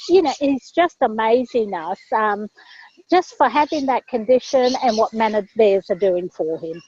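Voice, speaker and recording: A woman on an online call, talking about a young boy's progress with enthusiasm and many halting fillers. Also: on the high side, lively intonation, a little mellow, breathy edge, dull audio. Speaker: guest sharing a story. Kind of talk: online group call testimonial.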